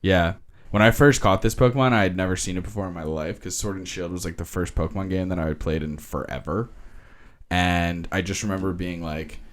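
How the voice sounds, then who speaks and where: A man with a very deep voice talks about his favorites with easy enthusiasm. He laughs often and drops casual swears. The conversation is a relaxed co-hosted podcast chat. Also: fairly quick. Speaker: podcast co-host.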